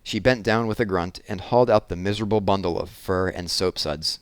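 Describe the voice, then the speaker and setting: A man narrating a children's novel aloud in a measured, expressive reading. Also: sits low, clear, resonant tone, no room sound. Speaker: audiobook reader. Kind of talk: storybook narration.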